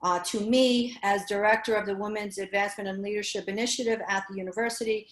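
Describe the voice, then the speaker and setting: A woman with a New York accent, moderating a panel and introducing speakers, talking quickly with many fillers and restarts. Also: mid-range voice, fairly even intonation, roomy sound, low-quality recording. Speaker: panel moderator, university program director. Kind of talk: panel introduction on a video call.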